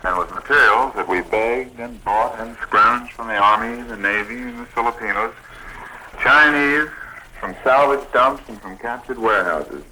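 This Red Cross program director from the United States reads prepared lines steadily and with pride while being interviewed about his club for a scripted 1940s radio show. He speaks at a moderate pace in a mid-range voice, bright and forceful, and the poor audio has a little hiss or hum.

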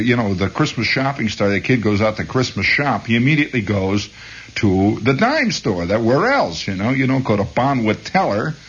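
A man's voice: medium pitch, breathy edge, highs cut off. A man rambling hesitantly as host of a late-night radio monologue. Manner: meandering, hesitant, chuckling.

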